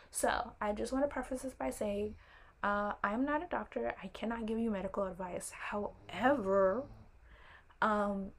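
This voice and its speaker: Slow, vocal-fried young woman rambling. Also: mid-range voice, vocal fry. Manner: rambling, apologetic, wanders into tangents; chatty and animated, with playful asides. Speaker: vlogger. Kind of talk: casual storytelling to camera.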